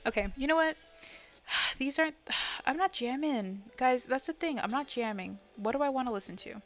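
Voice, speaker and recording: A woman's voice: high voice, moderate pace, a bit bright. A young adult woman chatting casually to viewers on a gaming live stream, swearing freely and blurting out exclamations. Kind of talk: casual live-stream chat while playing. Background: faint music.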